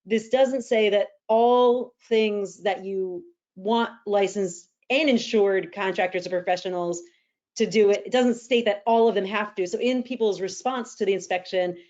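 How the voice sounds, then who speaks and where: A woman's voice: medium pitch, moderate pace, a little mellow. Earnest woman real estate host. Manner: earnest, explanatory, practical. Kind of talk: casual podcast conversation. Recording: slightly dull lo-fi audio.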